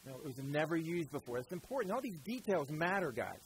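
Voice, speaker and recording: A man's voice: fairly high pitch, sing-song, fairly quick, a little hiss or hum, low-quality recording. A male preacher giving a sermon in a conversational, storytelling way, often calling his listeners "guys".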